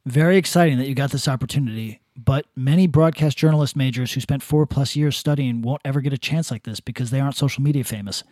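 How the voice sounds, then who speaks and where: A man's voice: medium pitch, fast, hardly any pauses, a little mellow, no room sound, clean studio sound. A man co-hosting a casual podcast, reading online comments aloud and mocking them with profanity. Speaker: podcast co-host.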